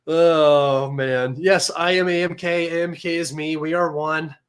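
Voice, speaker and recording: A man hosting a casual livestream with a slightly raised voice. He talks in a mocking, sarcastic, combative way and sounds excitable, almost manic. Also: on the high side, clean tone. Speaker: livestream host.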